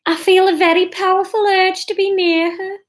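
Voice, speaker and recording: A woman's voice: extremely high pitch, little pitch movement, normal speed, voice pushed up. A woman voicing a melodramatic middle-aged mother with a broad, put-on northern English accent, dreamy and theatrical.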